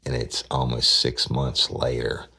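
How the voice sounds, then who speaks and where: A man's voice: a bass voice, level tone, unhurried, creaky, sharp tone, breathy edge. A man, telling a true-crime story on a podcast in a rambling way, often repeating words and acting out what people said. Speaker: podcast host recounting a case.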